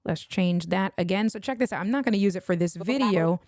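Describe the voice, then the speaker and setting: A woman's voice: mid-range voice, a little fast, a little mellow, a little hiss or hum. A woman with a New York accent hosting a casual livestream, thinking aloud and muttering asides while she edits video. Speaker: livestream host. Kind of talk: casual screen-share tutorial.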